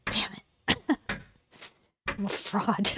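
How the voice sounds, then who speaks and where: A woman streamer giving excitable, giggly commentary while playing a game. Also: noisy background. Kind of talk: casual gaming commentary.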